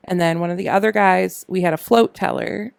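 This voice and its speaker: A young woman co-hosting a podcast, telling a story in a casual, animated way and swearing freely. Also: fairly low pitch, a little fast, vocal fry, dry recording. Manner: animated, swears freely, acts out quoted voices. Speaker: podcast co-host.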